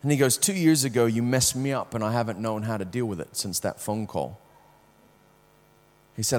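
A man preaching a sermon, telling a personal story with strong swings from hushed to loud, often repeating words as he starts sentences. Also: medium pitch, normal speed, long pauses, big-room sound.

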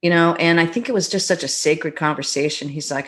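A middle-aged woman, a guest on a talk show, telling stories about her marriage in a reflective, gentle way. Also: sits low. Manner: warm, reflective storytelling with gentle pauses. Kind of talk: conversational podcast interview.

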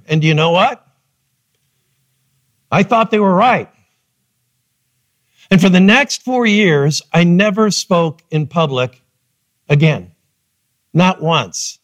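A middle-aged man preaching a sermon as pastor, telling his story with lively, acted-out quotes. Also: high-pitched, measured pace, long pauses, dry recording. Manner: animated storytelling, acting out quotes. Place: church.

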